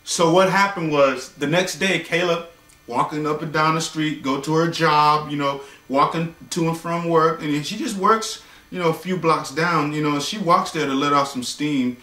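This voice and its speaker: A man telling a bedtime story in a casual, animated, slangy way, with joking asides. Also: on the high side, normal speed. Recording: echoey room, voice far from mic.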